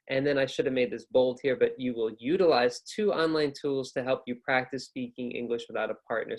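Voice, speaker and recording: A man in his thirties teaching an online English lesson in a casual, upbeat, chatty way with plenty of fillers. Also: mid-range voice.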